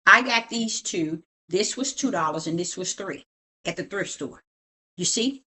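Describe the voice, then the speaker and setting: A woman's voice: fairly low pitch, expressive, a little slow, bright, forceful tone. A middle-aged woman, a prophetess, talking emphatically and preachily as she shows things around her home, often asking "you see?". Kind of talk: casual show-and-tell at home.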